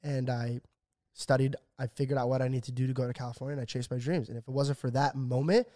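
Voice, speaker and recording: A young man in his twenties talks fast and loose on a podcast mic, his voice sitting at an ordinary middle pitch. He tells his story with animated swearing and puts on the voices of the people he quotes. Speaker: podcast co-host. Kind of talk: casual podcast chat.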